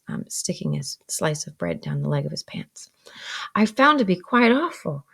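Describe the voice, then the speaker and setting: A woman's voice: mid-range voice, vocal fry. A woman teacher reading a novel aloud and stopping to explain vocabulary, with frequent ums.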